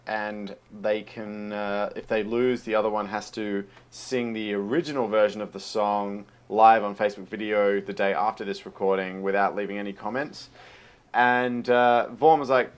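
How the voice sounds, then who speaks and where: A man's voice: fairly low pitch, fairly even intonation, normal speed, smooth. A man co-hosting a comedy podcast, talking in a dry, sarcastic way. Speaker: podcast co-host. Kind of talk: casual comedy podcast chat.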